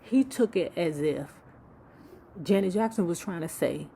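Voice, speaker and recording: A woman's voice: on the low side, animated, a little slow, darkish tone, a little hiss or hum. A woman host telling celebrity gossip in a casual, sassy, profane way, with mocking asides. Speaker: YouTube book club host.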